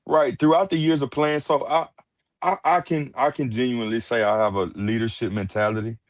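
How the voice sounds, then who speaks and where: A man's voice: medium pitch, fairly even intonation, brisk, no room sound. A man from Houston, a musician guest talking easily in an interview, full of restarts and polite replies. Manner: easygoing, many restarts and "uh"s, polite "yes, ma'am". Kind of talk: casual interview chat.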